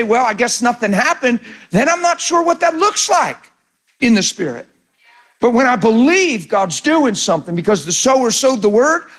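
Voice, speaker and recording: High-voiced earnest male preacher. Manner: earnest, animated storytelling. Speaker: pastor. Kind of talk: sermon teaching on prayer.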